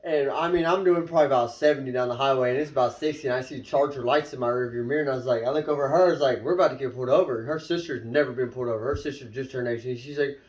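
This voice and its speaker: A man's voice: on the high side, very fast, hardly any pauses, roomy sound, low-quality recording. A young man, casually telling funny stories and laughing through them. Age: 20s. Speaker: storyteller. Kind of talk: casual storytelling.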